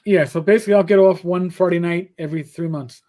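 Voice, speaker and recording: A fast-talking middle-aged man with a high-pitched, warm voice co-hosts a livestream. In casual chat he spins rambling stories, cursing freely and restarting again and again.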